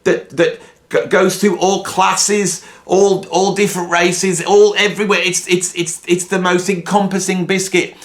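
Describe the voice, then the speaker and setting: Pushy, whiny child pleading with mum, slightly high, as a man puts him on. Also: little pitch movement, unhurried. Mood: insistent. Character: insistent child pestering his mum.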